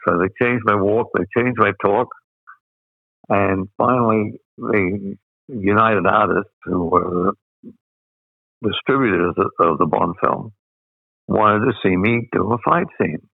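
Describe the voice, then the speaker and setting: An older man with an Australian accent, telling stories as an interview guest, rambling with many pauses and fillers. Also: lowish voice, gravelly, dry recording. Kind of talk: anecdotal storytelling. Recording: dry, phone-like sound.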